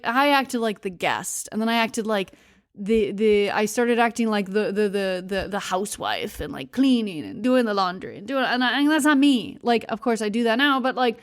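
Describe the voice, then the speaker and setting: A woman's voice: fairly high pitch, no echo, studio quality. A young adult woman hosting a podcast, telling a personal story candidly and confessionally, laughing between words. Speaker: podcast host.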